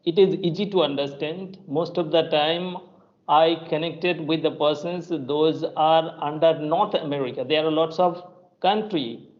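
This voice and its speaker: A man's voice: a little high, unhurried, dull audio. A man with an Indian English accent, an English tutor chatting casually and hesitantly, with many fillers and restarts. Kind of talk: casual conversation practice.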